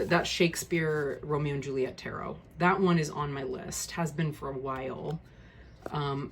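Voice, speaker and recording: A woman's voice: low voice, a little hiss or hum. A woman talking casually through a tarot deck walkthrough, frank and easily exasperated, with many ums and restarts. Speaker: tarot video creator.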